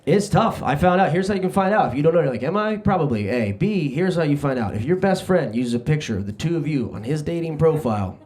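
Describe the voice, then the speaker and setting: A young man doing a stand-up comedy set on a club stage, brash and self-deprecating, throwing quick asides at the crowd. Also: a little high, animated, a little mellow. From New Jersey. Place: comedy club stage before a live audience.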